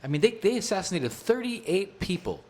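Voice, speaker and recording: A man's voice: high voice, sing-song, normal speed, darkish tone. A man co-hosting a casual political talk show, blunt and outspoken, often stammering as he starts a point. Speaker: co-host.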